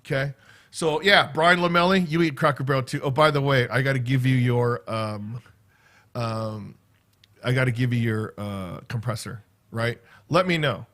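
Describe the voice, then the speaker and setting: In a mid-range, fairly bright voice at normal speed, a middle-aged vlogger chats casually to camera. He strings stories together loosely, tossing in "right?" and "okay?" again and again.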